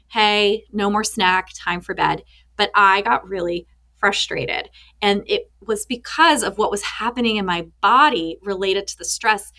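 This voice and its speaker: A woman in her thirties speaks as a podcast guest, drawing on her work as a therapist. Her voice is bright and forward. She tells stories with energy and acts out the quoted lines as she goes. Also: medium pitch. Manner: animated storyteller who acts out quotes. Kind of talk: podcast interview.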